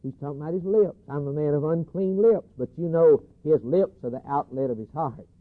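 A male preacher delivering an emphatic sermon, repeating key phrases and swinging between loud declarations and hushed lines. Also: on the high side, fairly quick. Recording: tinny lo-fi phone-like recording.

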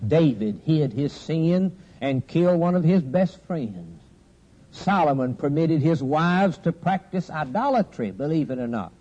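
A man's voice: a little high, warm tone, husky, dull audio. A man preaching a sermon with a cadenced delivery, repeating a falling refrain at the end of each point.

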